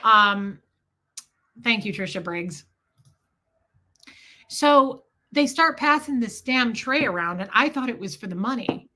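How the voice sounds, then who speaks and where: A woman with a bright, forceful voice set a little high, talking on a casual livestream. She tells her story in an animated, sarcastic way and swears freely. Now and then she stops to thank viewers for their super chats. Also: takes it slowly, long pauses. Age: adult, mother of a school-age son.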